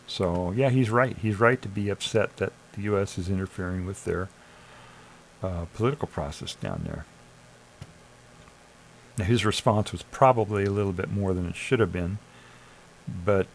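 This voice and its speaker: Gravelly-voiced man ranting on stream. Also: deep voice, a little hiss or hum, rough recording. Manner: sarcastic, argumentative, urging listeners to think. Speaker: live streamer. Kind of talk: casual commentary reading AI chat aloud.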